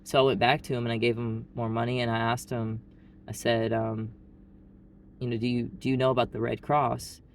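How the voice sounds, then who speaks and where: Arkansas man rambling in a flat drawl. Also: mid-range voice, normal speed, slight background noise. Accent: Southern US, Arkansas. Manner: blunt, rambling, heavy use of "like". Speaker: vlogger. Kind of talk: casual storytelling monologue.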